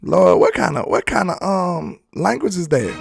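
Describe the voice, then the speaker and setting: A man's voice: high-pitched, sing-song, normal speed, creaky, faint music behind. A man from Alabama with a Southern accent hosting a casual, joking sports talk show and chatting loosely with his viewers. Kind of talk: casual live sports commentary.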